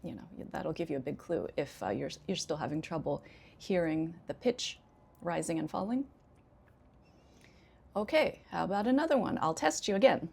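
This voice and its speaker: An American woman teaching an English lesson, speaking slightly low with a gravelly, fry-tinged edge. She explains things clearly and deliberately and talks straight to her learners in a friendly way. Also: expressive, a little mellow. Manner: clear, deliberate teaching delivery with example sentences; friendly, addresses learners directly. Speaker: ESL teacher.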